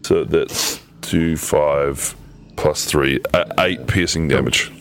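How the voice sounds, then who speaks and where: A man taking his turn as a player in a casual tabletop game, relaxed and laid-back. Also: extremely low pitch, takes it slowly.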